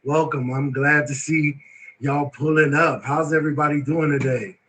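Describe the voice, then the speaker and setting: Man, host, excitable, emotional, repetitive, bright tone. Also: a little high, moderate pace, low-quality recording. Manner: excitable, emotional, repeats words and "you know what I'm saying". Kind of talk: live show hosting, casual chat.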